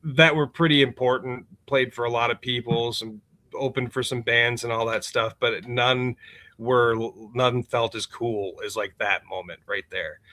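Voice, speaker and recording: A man on a podcast as a musician guest, telling a story in a loose, animated way, laughing often and swearing freely. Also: medium pitch, a little slow. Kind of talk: casual storytelling chat. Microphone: remote call setup.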